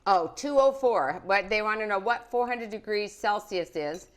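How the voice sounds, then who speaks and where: Speaking at a moderate pace in a mid-range voice, a middle-aged woman presents a live home cooking program from her living room. She keeps up cheerful, casual cooking chatter with kids and viewers.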